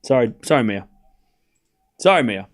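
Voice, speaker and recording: A man calling a tennis match live for his stream, calling out the score and chatting with his viewers in a casual, excitable way. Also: medium pitch, moderate pace. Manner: excitable, calls the score, chats with viewers, shouts at big points. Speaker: streamer doing live tennis watchalong commentary.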